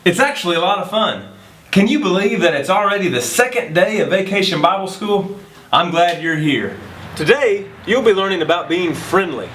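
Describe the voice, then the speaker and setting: A man's voice: high voice, animated, moderate pace, a bit bright, slight background noise, rough recording. A man hosting a scripted children's Bible lesson in an upbeat, enthusiastic way, leading the kids in call-and-response.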